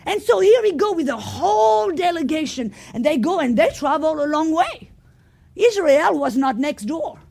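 A woman preaching a sermon, telling the story by acting out the characters' voices and moving from quiet asides to loud exclamations. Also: high voice, very animated, normal speed, vocal fry.

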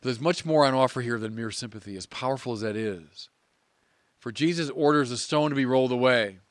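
Man, priest, sermon, measured and emphatic, dead dry studio sound. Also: medium pitch, no room sound. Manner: earnest, measured preaching with emphatic pauses.

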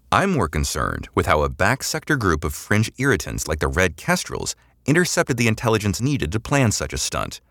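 A man's voice: low voice, a bit bright, dry recording, studio quality, heavily acted. A man voicing a cool, glib female imperial agent who interrogates a prisoner in a mock-casual way that turns cold and matter-of-fact.

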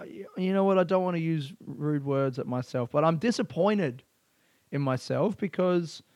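A man's voice: a little high, dry recording. A comedian, talking in a rambling, self-deprecating way, swearing often and laughing at his own story. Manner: frequent restarts and laughs. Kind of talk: casual monologue.

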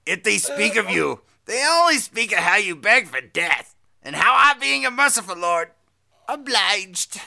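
A man plays a cruel male dark lord, raised in pitch with a gravelly fry. He sneers each phrase slowly and theatrically. It comes across as a playful podcast impression. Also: big pitch swings, exaggerated voice. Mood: gloating.

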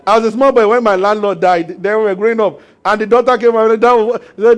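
High-voiced pastor preaching. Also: male voice, brisk. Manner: animated, acts out voices and laughs with the congregation. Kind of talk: sermon.

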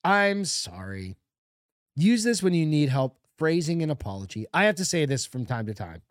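A sarcastic middle-aged man banters on a comedy podcast, reading advice aloud with profane mock seriousness. His voice sits a little high and leaps around a lot. The sound is close and dry. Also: animated, brisk, darkish tone, dry recording. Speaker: podcast co-host.

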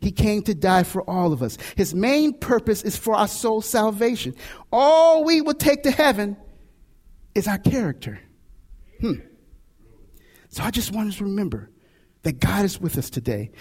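A male pastor preaching a sermon, telling a personal story with lively, animated delivery. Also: high voice, moderate pace, long reverb tail. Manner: animated storytelling with shouts and laughs.

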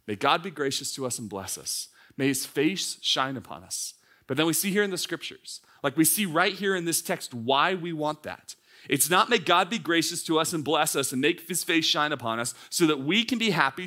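A man in his thirties, a pastor, preaching a lively, conversational sermon at a church service with frequent fillers and restarts. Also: fairly high pitch. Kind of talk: sermon to young adults.

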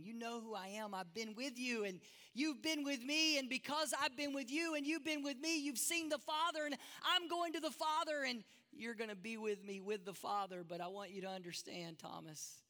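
A man voicing Jesus as a gentle, reassuring teacher, speaking softly in a sermon. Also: sits high, pitched below the performer's own voice, close to an everyday voice. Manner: soft, hushed, comforting. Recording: long reverb of a large hall.

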